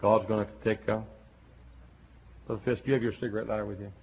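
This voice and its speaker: A man preaching a folksy revival sermon that swings between quiet, chatty asides and loud shouting. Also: lowish voice, flat delivery, fast, slight background noise. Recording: tinny lo-fi sermon tape.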